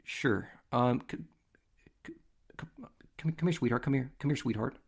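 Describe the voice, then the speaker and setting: A man playing a soft-spoken tearful father. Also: sits low, steady tone, moderate pace. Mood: awkward. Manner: soft, stammering, consoling. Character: tearful, proud middle-aged father.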